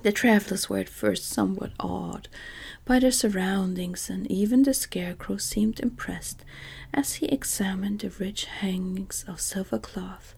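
A woman reading a children's fantasy story aloud in a whispered role-play, soft and even. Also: medium pitch, measured pace, creaky, slightly rough.

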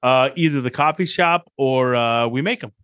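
A man's voice: mid-range voice, normal speed, fairly bright tone, clear, resonant tone, dry recording. Joking man telling stories, dry sound. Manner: storytelling, joking, acts out quotes. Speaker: podcast co-host. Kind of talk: casual chat.

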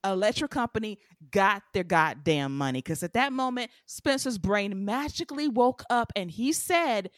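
A woman co-hosting a podcast, casually recapping a TV show in a blunt, animated way and acting out the lines she quotes. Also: mid-range voice, normal speed, few pauses, no echo, clean studio sound. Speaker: podcast co-host.

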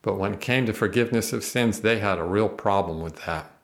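Earnest low-voiced man teaching scripture. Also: brisk, gravelly. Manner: earnest, emphatic, reads scripture aloud. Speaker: Bible teacher. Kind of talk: podcast Bible teaching.

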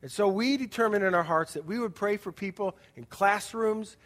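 A man preaches from the pulpit with a fairly high voice, turning his sermon into a relaxed story and checking in with the congregation as he goes. His words ring out with a long reverb through a large church sanctuary. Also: moderate pace. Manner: conversational storytelling with audience asides. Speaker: pastor.

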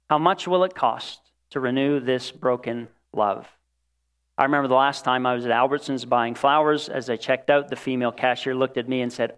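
A man delivering a sermon in a fairly high voice. He preaches expressively, rising to emphatic lines and falling to quiet, drawn-out ones. He dramatizes the quoted voices in the text. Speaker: pastor.

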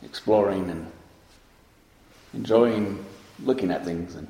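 Low-voiced man giving a reflective dharma talk. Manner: reflective, unhurried, pausing often with soft fillers. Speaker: meditation teacher. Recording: roomy hall with long reverb.

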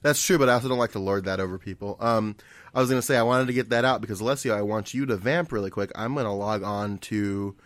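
Laid-back joking podcast host. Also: male voice, fairly low pitch, quick pace, no room sound. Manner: joking, loose, swears casually. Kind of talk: casual podcast banter.

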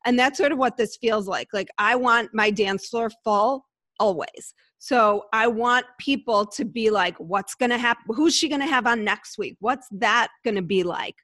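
A woman chatting casually about her podcast, with animated storytelling and lively quoted asides. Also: a little high, moderate pace, dry recording. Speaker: podcast host and guest. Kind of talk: casual conversation.

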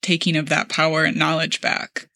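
Bright, dry-voiced young woman guest. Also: low voice, completely flat delivery, normal speed, dry recording. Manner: thoughtful, gentle, many "like" fillers, laughs easily. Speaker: podcast guest, social media manager. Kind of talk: casual conversational interview.

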